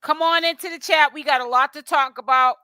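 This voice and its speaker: High, bright-voiced woman streamer. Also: steady tone, fairly quick, dry recording. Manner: chatty, greets viewers one by one; stumbles over names and apologizes. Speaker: livestream host. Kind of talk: casual live-stream chat.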